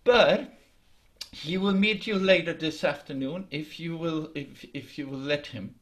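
A man voicing a timid, panicked little female deer in a told folk tale, high and breathy. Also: a little slow, natural voice. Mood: polite, nervous.

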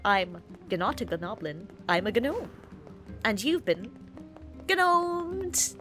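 A woman's voice: mid-range voice, animated, slow pace, fairly bright tone, soft background music. A woman putting on a chirpy gnome lady. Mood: chummy. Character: cheery bearded female gnome, chummy and sassy.

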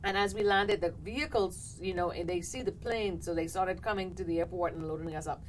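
A woman hosting a talk show, telling a story in an animated way and acting out what people said. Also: lowish voice, brisk, slight background noise, low-quality recording. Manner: animated, laughing, acts out quotes. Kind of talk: casual storytelling chat.

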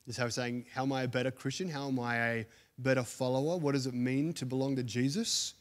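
A pastor with an Australian accent preaches a sermon to a church congregation in a mid-range, steady-toned voice, speaking fast. He's earnest and builds emphasis through repeated phrases.

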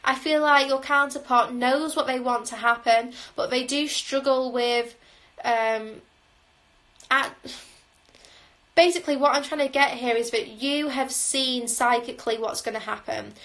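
A woman with a somewhat high voice talks through a tarot spread on a livestream. She sounds musing and intuitive, pausing on "um" as she reads each card. The sound comes through a phone mic. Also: steady tone, fairly bright tone, rough recording. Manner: musing, intuitive, frequent "um" fillers. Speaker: tarot reader. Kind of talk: live tarot reading.

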